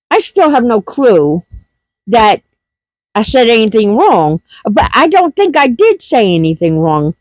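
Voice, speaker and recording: Higher-voiced woman vlogger, folksy and animated, dry close sound. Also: slow pace, no echo. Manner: animated, laughing storyteller with folksy speech. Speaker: homesteading vlogger. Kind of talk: casual storytelling.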